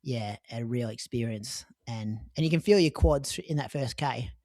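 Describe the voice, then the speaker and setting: A man's voice: medium pitch, moderate pace, a little mellow, no room sound, clean studio sound. Australian man telling a race story. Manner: chatty storytelling with frequent "like" and "um". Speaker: podcast co-host recounting a marathon. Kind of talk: casual podcast chat.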